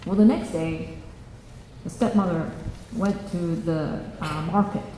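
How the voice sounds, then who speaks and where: A woman tells a children's story in a church, halting and restarting often as she goes. Her voice is mellow and dark. A long, booming echo fills the hall, with a faint noise underneath. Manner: halting, with many fillers and restarts.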